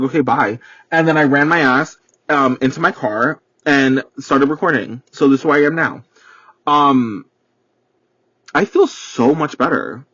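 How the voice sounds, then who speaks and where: Young male podcast host, dramatic foul-mouthed rambler, slightly husky voice, dull dry recording from a car. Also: medium pitch, fairly bright tone, dry recording. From New York. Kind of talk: casual solo storytelling rant. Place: parked car. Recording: dull, muffled sound.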